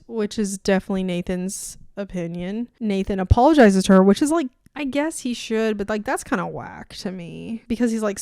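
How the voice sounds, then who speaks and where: Young woman, twenties, sarcastic, rambling book vlogger, smooth clear voice, dry close sound. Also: mid-range voice, darkish tone, no echo. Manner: sarcastic, rambling, swears freely. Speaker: book reviewer. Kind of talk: casual book review vlog.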